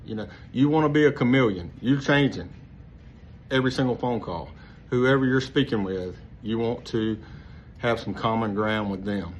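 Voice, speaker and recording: A man with a relaxed, rambling manner, giving casual sales training full of fillers and restarts. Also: medium pitch, moderate pace. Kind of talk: casual instructional talk. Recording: slightly dull lo-fi with faint noise.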